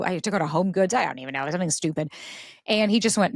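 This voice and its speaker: Podcast guest, woman, lower voice, animated storyteller, dry close mic. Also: fairly quick, no room sound. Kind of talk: casual interview talk.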